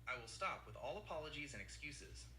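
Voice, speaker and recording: A synthetic male assistant voice speaking in an even, formal, apologetic way. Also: medium pitch, a little fast, echoey room, slight background noise.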